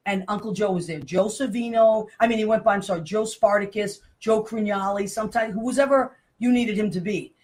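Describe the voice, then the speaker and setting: A woman, hosting a show with loud, laughing, rambling talk. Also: medium pitch, fairly quick, few pauses. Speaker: host. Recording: noisy room sound.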